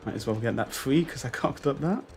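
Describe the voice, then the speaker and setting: A man's voice: medium pitch, animated, brisk. A man giving casual, self-deprecating commentary while playing a racing game, swearing and laughing at his own mistakes. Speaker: gaming YouTuber.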